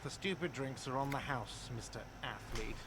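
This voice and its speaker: An actor playing a grumpy, sarcastic middle-aged bartender in a video game. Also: male voice, mid-range voice, moderate pace, a bit bright, natural voice, poor audio. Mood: gruff. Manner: sarcastic, grumbling.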